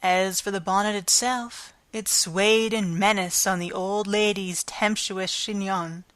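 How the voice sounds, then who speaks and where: A woman narrating a classic novel as an audiobook, with a measured, expressive reading. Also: medium pitch, dry recording.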